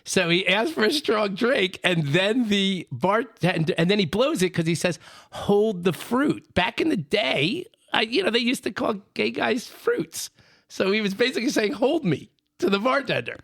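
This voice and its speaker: Gravelly, animated man telling jokes. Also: high-pitched, moderate pace, dry recording, studio quality. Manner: rambling, self-amused joke telling. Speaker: podcast co-host, joke teller. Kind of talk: casual podcast banter.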